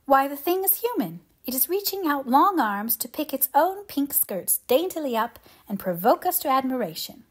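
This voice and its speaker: A woman's voice: sits high, very animated, moderate pace, hardly any pauses, pitched above the performer's own voice. A woman voicing a dreamy, imaginative young teacher who speaks in an effusive, lyrical way. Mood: rapturous.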